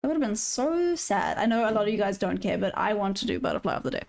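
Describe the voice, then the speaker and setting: A woman's voice: mid-range voice, animated, quick pace, gravelly, a little mellow. A woman from Africa, chatting casually on a trading livestream, reading viewer comments aloud and laughing often. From South Africa. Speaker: day-trading livestream host.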